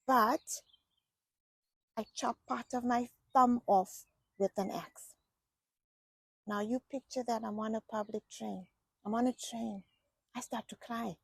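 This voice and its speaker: Chatty middle-aged woman, gravelly voice. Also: fairly high pitch, unhurried, long pauses, no echo. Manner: chatty, animated storyteller who repeats herself. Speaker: vlogger. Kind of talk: casual personal storytelling.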